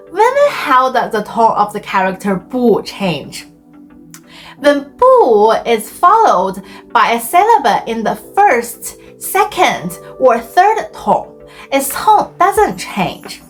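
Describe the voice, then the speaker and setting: Woman language teacher, animated sing-song delivery, deliberate and clear for learners. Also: high-pitched. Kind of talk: scripted educational explainer.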